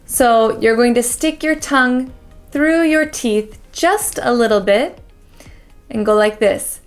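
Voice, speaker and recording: A woman with an American accent teaching pronunciation as a coach, drilling each word slowly and carefully with many repeats. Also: on the high side, faint music behind. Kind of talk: pronunciation lesson.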